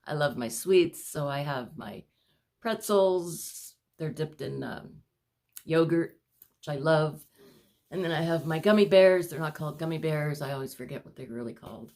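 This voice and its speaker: A woman talks to her viewers in a low-pitched voice, pausing as she runs short of breath. Her chat rambles and she apologizes often, in an easy home-video way. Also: darkish tone. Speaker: vlogger showing her paintings. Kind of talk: casual chat to camera.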